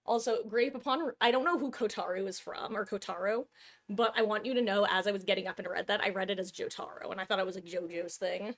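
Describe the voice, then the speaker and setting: A woman's voice: medium pitch, steady tone, fast talker, fairly bright tone. A woman streamer chatting casually to her viewers through a headset, rambling through stories. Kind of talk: casual live-stream chat.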